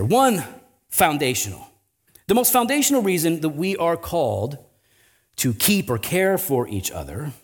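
A man's voice: medium pitch, a little mellow, husky. A male pastor preaching a conversational sermon, often tossing in "right?" asides and building to emphatic swells.

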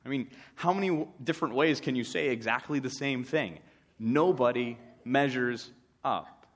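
A man's voice: medium pitch, moderate pace. Wry, conversational male preacher. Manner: conversational, wry storytelling with acted asides. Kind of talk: sermon.

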